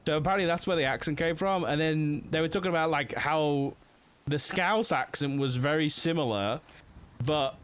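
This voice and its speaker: A man's voice: fairly high pitch, moderate pace, fairly bright tone, clean tone. A man streaming a police roleplay game, chatting casually with lots of fillers and swearing. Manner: rambling, swears freely, many fillers. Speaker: streamer playing a police officer.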